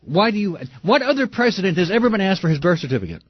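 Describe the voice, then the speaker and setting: A man's voice: high voice, sing-song, fast talker, no echo, dull audio. A man hosting a call-in radio talk show, arguing with callers and ranting in outrage. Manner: heated ranting, shouts in outrage.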